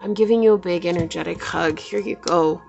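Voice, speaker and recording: A woman giving a pick-a-card tarot reading in a gentle, affirming and emotional way. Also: lowish voice, brisk, creaky, muffled recording, soft background music. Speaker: tarot reader.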